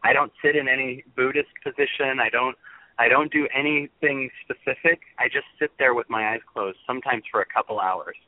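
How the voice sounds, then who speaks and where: With a medium-pitched voice and a slightly fast delivery, a man on a phone-in radio interview rambles earnestly about meditation and love. The phone line sounds tinny.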